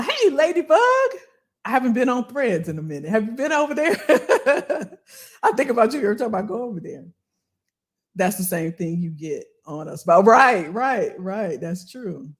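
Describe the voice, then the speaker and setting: Brief: a woman in her fifties, a career coach hosting a livestream, animated and chatty, with a lively voice. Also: medium pitch. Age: 50s. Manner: animated, chatty, reads and answers live chat, addresses viewers as y'all. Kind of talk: casual livestream talk to viewers.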